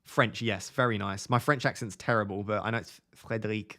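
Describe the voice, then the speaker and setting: A man's voice: on the low side, fairly even intonation, brisk, pushed and bright. A man in his twenties on a casual live stream, reading viewers' comments aloud and answering them. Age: 20s.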